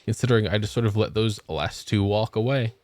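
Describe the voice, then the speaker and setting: A young man streams a game, chatting in a laid-back way and joking with plenty of swearing, worn out after a long work shift. His voice is on the low side, brisk and a little mellow, with no room sound.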